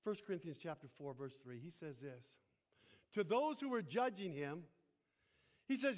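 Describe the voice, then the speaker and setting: A man's voice: on the high side, animated, moderate pace, pauses often, a little mellow. A male pastor preaching a sermon, repeating phrases for emphasis and putting questions to the congregation. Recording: long hall reverb.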